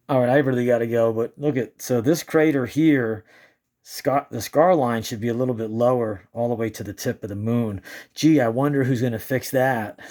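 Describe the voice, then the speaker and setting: With a medium-pitched, slightly mellow voice at normal speed, a man offers casual, excited commentary on footage he shot of the moon. He meanders, restarts his thoughts, and keeps dissolving into giggles.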